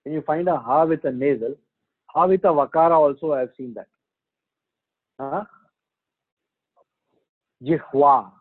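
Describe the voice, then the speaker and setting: A man teaching a Sanskrit class on a video call, patiently sounding out letters and quizzing his students. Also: a little high. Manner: patient, repeats sounds slowly, asks students questions. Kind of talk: online class, explaining pronunciation. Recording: phone-like narrow band.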